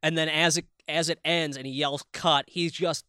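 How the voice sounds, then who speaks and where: Excitable podcast co-host, man, slightly higher voice; bright and animated, sweary, casual. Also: smooth, dry recording, clean studio sound. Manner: excitable, swearing, quick asides.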